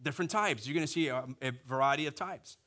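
Bright high-voiced preaching man. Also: quick pace. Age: adult, married. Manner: animated, repetitive preaching with acted asides. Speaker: pastor. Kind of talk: sermon.

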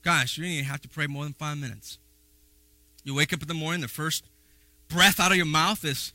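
A male pastor preaching in a lively, folksy manner, breaking into playful asides and restarting his sentences. His voice is brightly ringing and a little high for a man. The sound is dry and close to the mic. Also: a little fast, dry recording. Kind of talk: sermon.

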